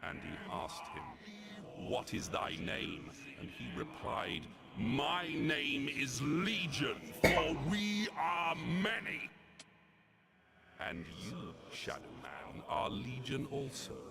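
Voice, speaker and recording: A gravelly, ancient demon mocks his foe in a slow, theatrical drawl. The voice creaks heavily. A steady noise sits under this game cutscene. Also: fairly high pitch, heavily acted. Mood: gloating. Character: sinister ancient demon villain, gloating and mocking.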